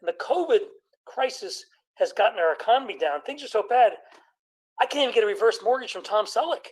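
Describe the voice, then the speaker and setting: Man, middle-aged, stand-up routine, deadpan delivery, brief put-on voices. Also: high voice, a little fast, low-quality recording. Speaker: comedian doctor.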